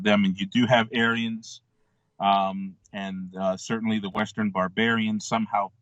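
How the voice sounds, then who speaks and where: A man as a radio show guest, explaining in a measured way with frequent ums, on dull lo-fi call audio. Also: fairly low pitch, dry recording. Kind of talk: explanatory interview talk.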